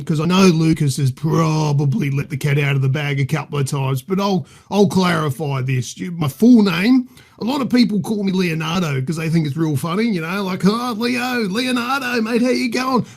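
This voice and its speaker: Doing improvised comedy as a podcast guest, a man with an Australian accent plays a crude, boastful middle-aged bloke. His fairly high, creaky voice is animated and moderately paced, and he's cheeky, rambling, and swears freely.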